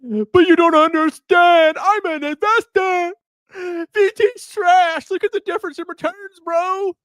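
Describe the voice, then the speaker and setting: A man putting on a high, whiny voice to mock a smug, dim-witted stock investor. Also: unhurried, a bit bright, no echo.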